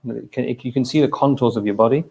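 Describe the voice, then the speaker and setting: A man's voice: medium pitch, fast, vocal fry, warm tone. Man giving a casual mosque talk. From England. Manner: conversational, direct, frequent "okay?" and "look", brief laughs. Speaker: speaker at a mosque event. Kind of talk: informal sermon to a congregation. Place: mosque hall.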